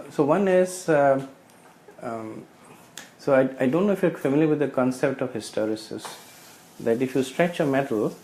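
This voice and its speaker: A man with a mellow, medium-pitched voice shares realizations in a scripture study group, often hesitating and explaining through everyday analogies. It's casual spiritual sharing, captured in a rough recording with slight background noise.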